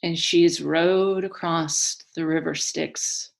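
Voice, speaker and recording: A woman narrates an old myth in a solemn, dramatic storytelling style. Her voice is low-pitched and her pace is slow and deliberate. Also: fairly even intonation, gravelly. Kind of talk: mythic storytelling.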